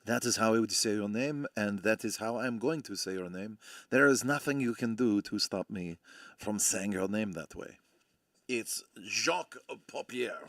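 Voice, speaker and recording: A man's voice: fairly low pitch, normal speed, a bit bright, no room sound, studio quality, distant mic, voice pushed down, lightly acted. A man putting on a mock-pompous Frenchman, drawing out words in an exaggerated French way. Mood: mock stubborn. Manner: exaggerated French pronunciation, theatrical.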